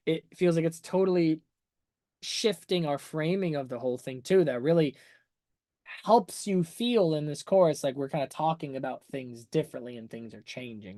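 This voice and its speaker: A man's voice: a little high, a little mellow, no echo, studio quality. Chatty man breaking down a song. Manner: chatty and enthusiastic, full of "like" and "right?"; explains music terms to viewers. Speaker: music analysis streamer. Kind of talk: casual livestream song breakdown.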